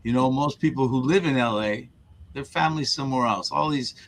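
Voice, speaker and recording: A man's voice: medium pitch, a little fast, vocal fry, low-quality recording. A man who is a guest on an interview show earnestly recounts a personal story, often repeating words and restarting his sentences. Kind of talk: conversational storytelling.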